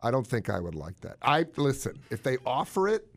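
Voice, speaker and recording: Animated man explaining health news. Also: a little fast. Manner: animated, jokey, swoops up in pitch for emphasis. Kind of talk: casual chat.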